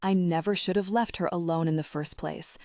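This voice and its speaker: A woman narrating a dark romance audiobook in the first person, with a steady, intimate, measured reading. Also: on the low side, no echo, clean studio sound.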